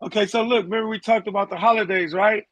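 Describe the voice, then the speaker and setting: A man on a radio talk show, presenting survey figures briskly and sometimes stumbling over his words. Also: high-pitched, fairly even intonation, fairly bright tone, no echo.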